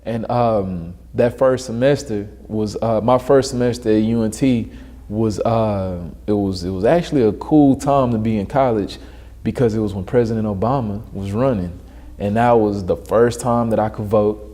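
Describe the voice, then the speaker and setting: A young man from Dallas, a guest telling animated stories in a casual interview and acting out the voices he quotes. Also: fairly low pitch, normal speed. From Dallas, Texas.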